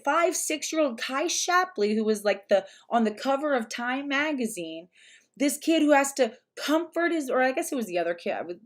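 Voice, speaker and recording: A woman speaking in a casual commentary vlog, rambling along with frequent restarts. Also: high-pitched. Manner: rambling, with many restarts and fillers.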